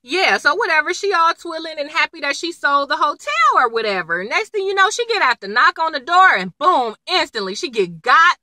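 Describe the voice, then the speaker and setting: Bright, lively young woman recapping TV. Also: sits high, a little fast, hardly any pauses, no echo, low-quality recording. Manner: animated, slangy, acts out quotes. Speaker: TV episode reviewer. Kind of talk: casual chatty recap.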